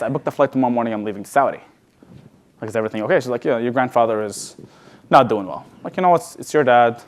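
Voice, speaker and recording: Man telling a personal story on stage. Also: mid-range voice. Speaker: speaker at a sales event. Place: large event hall.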